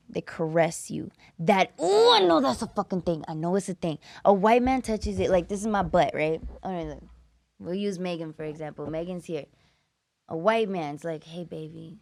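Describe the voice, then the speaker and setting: A woman hosting a comedy podcast, talking bluntly and profanely in a loud, animated way. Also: fairly low pitch, vocal fry, no room sound. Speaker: podcast host. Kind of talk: candid comedic podcast chat.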